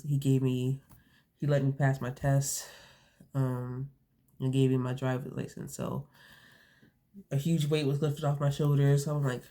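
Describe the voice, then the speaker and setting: With a rumbling low, warm voice, a young woman tells a casual story to her camera. She rambles, uses plenty of fillers, restarts often, and sounds slightly sniffly from allergies.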